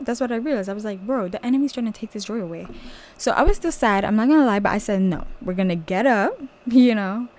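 A young woman whose first language is French, hosting a podcast and telling a personal faith testimony in a chatty, animated way full of "like" fillers. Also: mid-range voice. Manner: animated storytelling, many "like" fillers, voice jumping up when excited. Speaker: podcast host.

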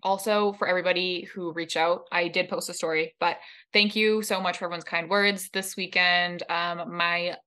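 A Canadian woman co-hosting a casual podcast, chatting along with plenty of fillers. Her voice is on the low side. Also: fairly even intonation, moderate pace, pushed and bright, smooth. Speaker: podcast co-host.

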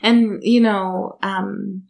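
A woman guest in a casual podcast chat, speaking calmly and in a measured way. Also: mid-range voice, vocal fry.

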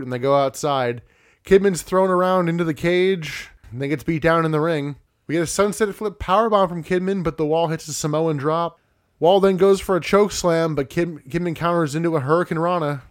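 A man co-hosting a casual podcast, recapping wrestling matches play by play with wry asides. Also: on the high side. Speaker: podcast co-host.

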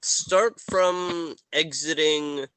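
A man's voice: a little high, fairly even intonation, extremely slow, fairly bright tone, clean tone, no room sound. A man hosting as dungeon master, chatting loosely, laughing and swearing casually. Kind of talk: casual tabletop game chat.

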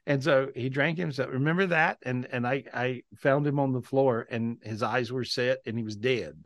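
A man hosts a podcast over a live video call and tells a story with lively energy. He repeats and restarts his phrases as he goes, in an average-pitched voice. The sound is dry and close. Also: normal speed, dry recording. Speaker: podcast host.

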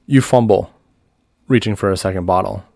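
A man with a fairly low voice narrates as game master, calling for rolls and setting scenes at a steady pace. The sound is dry and close to the mic. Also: normal speed, gravelly, dry recording.

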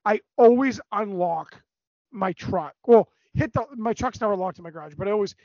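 A man on a podcast telling a long story in a casual, animated way, swearing a lot. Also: sits high, normal speed, dry recording. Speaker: podcast co-host. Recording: dry, dull lo-fi recording.

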